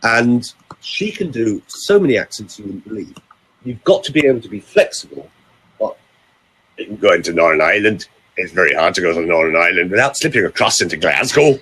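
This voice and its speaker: A man's voice: lowish voice, expressive, brisk, a bit bright, husky, low-quality recording. An older man, a vocal coach and voiceover actor from the United Kingdom, chatting casually and theatrically through anecdotes. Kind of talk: casual chat.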